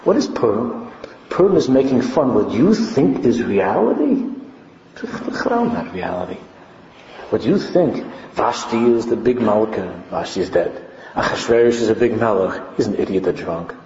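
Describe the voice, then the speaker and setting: A man's voice: fairly low pitch, normal speed. Man preaching in an echoey hall. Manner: animated, rising to impassioned preaching. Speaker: rabbi. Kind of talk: sermon on Purim. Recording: echoey hall, dull lo-fi sound with faint background noise.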